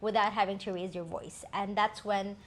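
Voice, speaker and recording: A woman's voice: mid-range voice, fairly even intonation, normal speed, slight background noise. A woman co-hosting a talk show, telling a personal story in a candid, reflective way with many fillers. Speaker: co-host.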